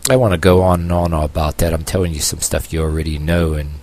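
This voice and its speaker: A man from the United States talking in a rambling opinion video, halting with many fillers and restarts and dropping sarcastic asides. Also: extremely low pitch, steady tone, a little mellow. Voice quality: long-haired, calls himself a hippie. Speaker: vlogger.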